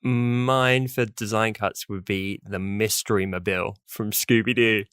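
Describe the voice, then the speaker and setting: A man's voice: on the low side, unhurried, clean tone, no echo, clean studio sound. A man co-hosting a podcast in a casual, jokey chat. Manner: lively, jokey, laughs easily. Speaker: podcast co-host.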